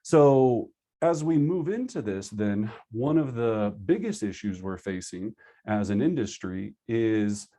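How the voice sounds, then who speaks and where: A man teaching a live online class for real estate agents over a video call, energetic and conversational, acting out his students' excuses. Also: on the low side. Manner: acts out agents' excuses in quick asides. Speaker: real estate sales trainer.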